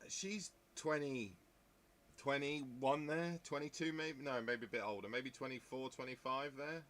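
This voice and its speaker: A man talks casually in a bright, forceful voice. He rambles from one thought to the next, breaks off into jokey asides, and keeps it chatty as he hosts. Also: medium pitch, unhurried, a little hiss or hum. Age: 50s. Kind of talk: casual chat.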